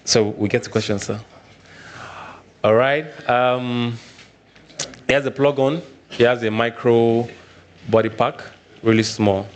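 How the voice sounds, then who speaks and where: A man's voice: mid-range voice, steady tone, measured pace, pauses often, slight background noise. A Nigerian man presenting a live technical workshop, often repeating his points and checking in with "all right".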